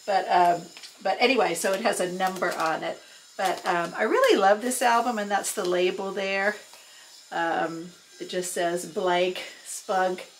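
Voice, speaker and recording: In the tiki room of her home, a record collector in her sixties chats casually, rambling fondly, unhurried, with lots of fillers and restarts. A record plays low on the stereo behind her. The audio is poor, with a little hiss or hum.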